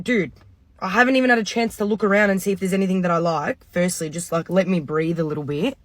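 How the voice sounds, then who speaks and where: Storyteller, ranting, bright close dry voice, swears freely. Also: mid-range voice, fast, no room sound. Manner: exasperated, swearing, mimics others. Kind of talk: casual storytime rant.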